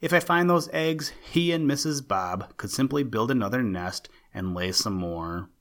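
A man's voice: medium pitch, lively intonation, moderate pace, fairly bright tone. A man voicing a boastful, greedy male skunk in a storybook, speaking offhandedly. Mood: careless. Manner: scoffing, offhand.

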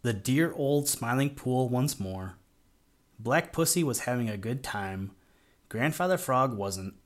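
A man narrating a children's audiobook in a measured, gently expressive storytelling manner. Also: mid-range voice.

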